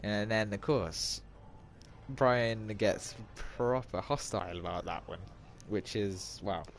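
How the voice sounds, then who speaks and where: Here a gamer narrates a film as he plays, his voice gravelly, fairly low and slow. The casual retelling meanders, often restarting and slipping into asides, with loud game audio and car noise in the background.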